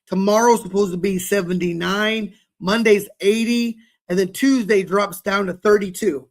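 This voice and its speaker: Gravelly-voiced man chatting candidly. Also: sits high, fairly even intonation, moderate pace. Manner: candid, rambling, self-deprecating. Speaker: podcast co-host. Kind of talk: casual chat. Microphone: webcam, set high.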